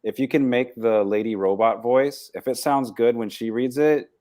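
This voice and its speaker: A man who is a writer and teacher, chatting about reading and translation in a relaxed, earnest way. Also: medium pitch, moderate pace. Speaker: writer and teacher, podcast guest. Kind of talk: casual book discussion.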